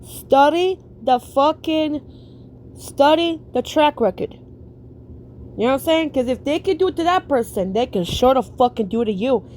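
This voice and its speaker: A woman streamer giving a blunt, profane reaction rant, preaching in slow, drawn-out emphatic phrases. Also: high-pitched, animated, darkish tone, slight background noise.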